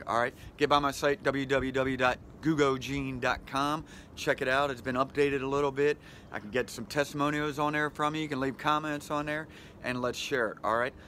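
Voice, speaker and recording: A man's voice: medium pitch, pushed and bright, slight background noise. Chatty man vlogging outdoors by the water. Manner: friendly, rambling, chuckles often. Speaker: vlog host. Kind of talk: casual motivational vlog. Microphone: handheld phone camera.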